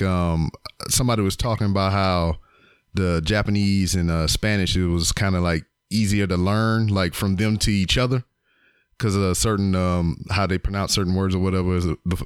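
A man with a low, smooth, resonant voice chatting loosely on a podcast. He rambles through fillers and casual swearing, and the sound is close and dry with no room around it. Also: dry recording. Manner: loose and profane, trailing fillers. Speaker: podcast co-host. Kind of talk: casual chat.

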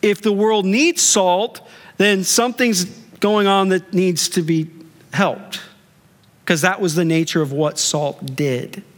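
A man pastor preaching a sermon in a conversational way, with rhetorical questions and drawn-out emphasis. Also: high voice. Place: church sanctuary. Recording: long church reverb.

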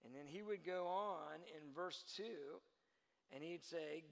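A man preaching a sermon, building from quiet teaching to loud, emphatic delivery. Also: fairly high pitch, takes it slowly, creaky, long reverb tail. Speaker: pastor.

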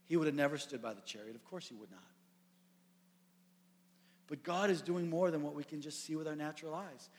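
A man preaching a sermon, animated and storytelling, acting out the characters. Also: on the high side, a little fast, long pauses. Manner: animated storytelling, acts out voices. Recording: echoey hall.

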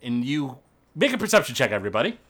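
Lively, bright-voiced game master man. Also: mid-range voice, quick pace. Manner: lively, hesitant narration with fillers. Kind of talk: narrating a tabletop game.

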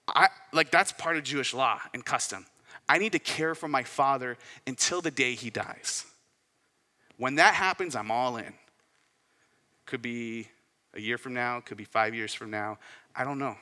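Bright-voiced preacher in an echoing hall. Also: male voice, medium pitch, normal speed. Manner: conversational, asks the listeners rhetorical questions. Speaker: pastor. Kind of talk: sermon. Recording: long hall reverb.

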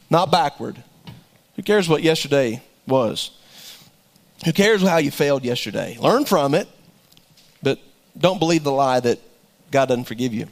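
A pastor whose voice is high for a man delivers a folksy sermon a little fast. He's animated, cracks jokes, and often repeats words as he goes.

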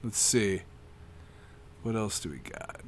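A young man giving casual, crude reaction commentary on videos, excitable and swearing, with laughing outbursts. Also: lowish voice, takes it slowly, slight background noise.

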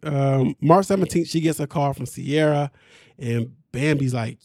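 A man recaps a reality show on a podcast in loose, slangy talk, his voice sitting a little high. He gets animated and breaks into laughs often. The recording is dry and close to the mic. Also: measured pace, no room sound. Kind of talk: casual show recap chat.

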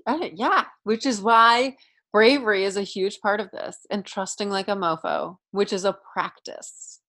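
A woman hosting a conversation talks in a relaxed, encouraging way at an ordinary mid pitch. Her delivery is plain and easygoing. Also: a little slow. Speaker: podcast host. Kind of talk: conversational interview.

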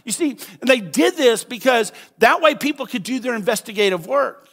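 High voiced pastor guy preaching in church, animated, gets shouty. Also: normal speed. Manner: animated, acts out quoted voices, rises to shouts. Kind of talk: sermon.

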